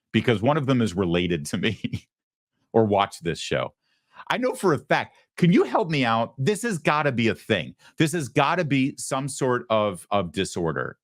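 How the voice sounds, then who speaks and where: A man's voice: lowish voice, no room sound. Guy ranting on his commentary show, voice jumps all over, keeps restarting words, dry sound. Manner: animated, with frequent stammered restarts. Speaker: host. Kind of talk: opinionated political commentary.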